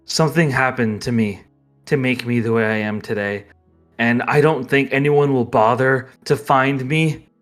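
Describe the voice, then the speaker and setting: A man's voice: medium pitch, fairly bright tone, pitched below the performer's own voice, close to an everyday voice. A man playing a weary, subdued servant. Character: weary man who always served others.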